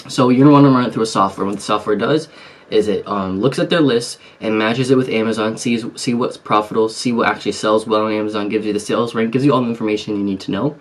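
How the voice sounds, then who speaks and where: A man's voice: fairly low pitch, steady tone, fast talker. A man casually explaining an online selling method to his viewers, rambling with frequent fillers and restarts. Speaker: YouTube business vlogger. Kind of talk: casual tutorial chat.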